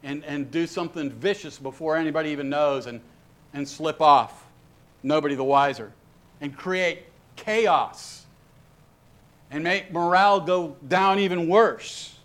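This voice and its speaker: A man's voice: on the high side, a little slow, a bit bright. A man preaching a sermon as a pastor, emphatic and exhorting his listeners.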